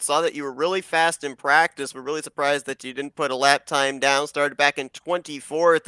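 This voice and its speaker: Casting: male booth commentator, slightly high, crisp and bright, upbeat patter. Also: dry recording. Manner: smooth, upbeat broadcaster patter. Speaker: race broadcast commentator. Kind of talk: race broadcast interview.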